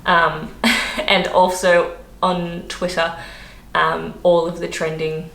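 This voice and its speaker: Young Australian woman vlogger, chatty and laughing, lowish voice, roomy echo. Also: level tone, takes it slowly, creaky, fairly bright tone. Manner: chatty, laughs often, many fillers. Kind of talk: casual chat to camera. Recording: echoey room, faint background noise.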